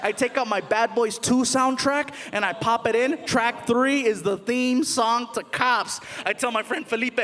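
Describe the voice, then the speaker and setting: A man doing stand-up comedy, telling a story with animated delivery, acting out voices and shouting punchlines. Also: very high-pitched, a little slow, few pauses. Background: audience laughter.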